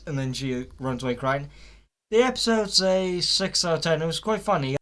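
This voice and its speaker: A man's voice: on the high side, animated, unhurried, long pauses, a bit bright. A young man giving a casual, rambling spoken review of a cartoon series, with frequent fillers, restarts and blunt swearing.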